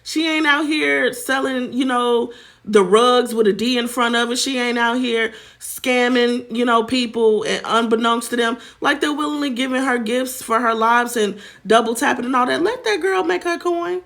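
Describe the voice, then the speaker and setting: Sassy woman gossip host with a gravelly edge, talks straight to her viewers. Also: a little high, normal speed, fairly bright tone. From United States. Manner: sassy, chatty, addresses viewers as child and honey. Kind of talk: casual celebrity gossip commentary.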